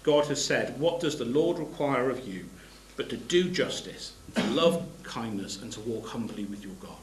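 Guy preaching a sermon, reads bible verses out, echoey church room with a low hum. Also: animated, normal speed. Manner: reads scripture aloud between plain explanations, with restarts.

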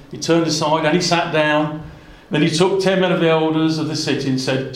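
In a fairly high voice at normal speed, a man preaches an expository Bible sermon, earnest and conversational, with frequent asides and restarts. The room around him echoes.

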